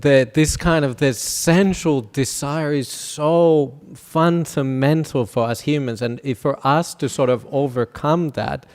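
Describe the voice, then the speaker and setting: A man who is a Buddhist monk teacher, speaking haltingly with many restarts in a teaching workshop dialogue. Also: a little high, darkish tone.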